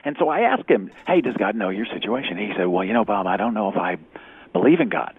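A man, an executive recruiter, telling a faith story in an animated way, acting out the dialogue and dropping to a whisper at times. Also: on the low side, fast talker, slight background noise. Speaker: executive recruiter, guest speaker. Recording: tinny phone-like radio audio.

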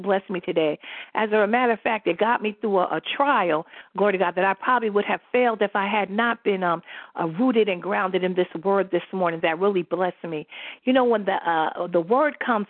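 A woman's voice: medium pitch, no room sound. A woman preaches with fervor as she leads a prayer call, dropping hallelujahs between her phrases. Her voice comes through a thin, phone-like line. The sound is dry, with no room around it. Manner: fervent, peppered with hallelujahs. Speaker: apostle leading a prayer call.

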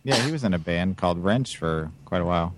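A man's voice: sits low, animated, quick pace, noisy background. A man hosting a podcast, teasing and laughing with his guests in casual chat. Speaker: podcast host.

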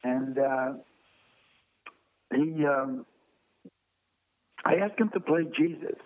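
An older man, a lively raconteur guesting on an interview who acts out voices in his stories. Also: medium pitch, slow pace, no echo. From Brooklyn, New York. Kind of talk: anecdotal storytelling. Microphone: phone. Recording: tinny dry phone line.

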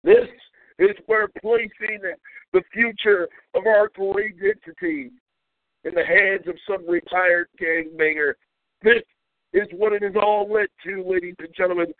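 Speaking at a measured pace in a high, steady-toned voice, the radio host delivers an angry, cursing, derisive monologue to his call-in audience. The tinny, phone-quality recording carries no room sound.

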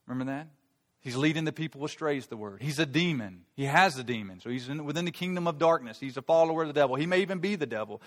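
A man preaching a sermon, shifting from quiet explaining to loud, emphatic outbursts, with frequent restarts and repeated words. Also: mid-range voice, expressive, fast, big-room sound. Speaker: pastor.

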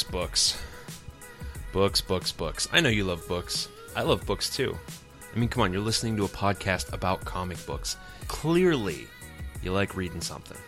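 A man's voice: lowish voice, a bit bright. Playful man doing a casual ad read. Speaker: podcast host reading an ad.

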